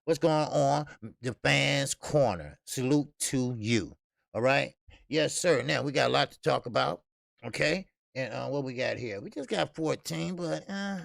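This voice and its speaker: A man's voice: on the high side, vocal fry, dry recording, clean studio sound. A man hosting a casual boxing livestream, loose and profane, greeting viewers in the chat and laughing often. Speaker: host of a boxing talk stream.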